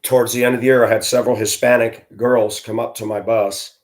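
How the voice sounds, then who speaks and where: A middle-aged man recounting his years as a school bus driver in an easygoing, conversational monologue. His voice sits at an ordinary male pitch, and he talks straight to his listeners as he tells the story. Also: little pitch movement, brisk. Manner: conversational, addresses listeners directly, acts out dialogue in his telling.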